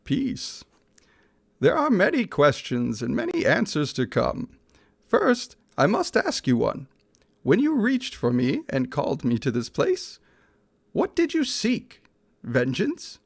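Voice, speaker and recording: A man voicing a mysterious ancient spirit with a hushed, grave way of questioning, reading a game's story aloud. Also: on the high side, wildly swooping pitch, slow pace, creaky, dry recording, clean studio sound, full character voice. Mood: solemn. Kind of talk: game story read-aloud.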